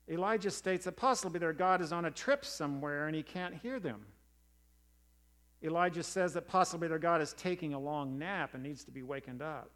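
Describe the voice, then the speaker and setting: Earnest male preacher reading scripture. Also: on the high side. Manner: measured, earnest reading with slowed emphatic quotes. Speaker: pastor.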